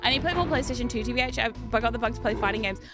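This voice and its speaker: A young woman streaming as a VTuber, chatting in a rambling, giggly way with sudden animated outbursts. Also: on the high side, rapid-fire, over music. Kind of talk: casual chat while streaming retro games.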